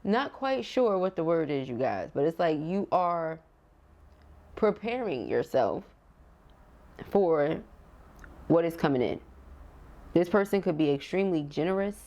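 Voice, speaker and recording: A woman's voice: fairly low pitch, very animated, a little slow, pauses often, warm tone, dull audio. A woman giving a casual tarot reading to camera, chatty and emotional, laughing often and talking straight to her viewers, with features. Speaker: tarot reader.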